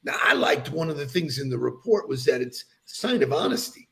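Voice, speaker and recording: A man's voice: fairly high pitch, animated, fairly quick, creaky, fairly bright tone. A man co-hosting a podcast in casual chat, playful and laughing often. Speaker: podcast co-host.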